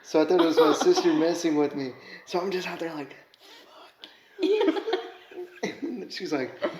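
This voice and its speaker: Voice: medium pitch, fairly even intonation, quick pace, a little mellow, reverberant, slight background noise. A podcast guest in a casual chat, telling a funny story with lots of laughter.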